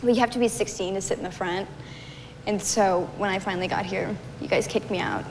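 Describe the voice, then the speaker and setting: A woman's voice: mid-range voice, fairly even intonation, fairly quick. A young woman in her twenties from South Carolina, a guest on a talk show, chatting and laughing often. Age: 20s. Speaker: actress guest. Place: television studio. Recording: roomy studio hall with noise.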